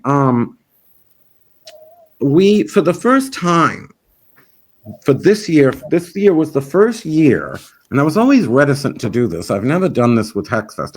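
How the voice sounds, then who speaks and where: A man's voice: a little high, darkish tone. A man who organizes a festival, chatting in an interview in a rambling, frank and opinionated way. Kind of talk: casual interview chat.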